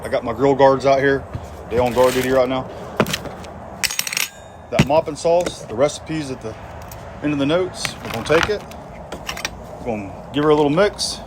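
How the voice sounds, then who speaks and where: A man's voice: medium pitch, normal speed, pauses often, very noisy. A man, hosting a casual barbecue cooking video in a folksy, joking way outdoors. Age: 50s. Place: outdoors at a grill.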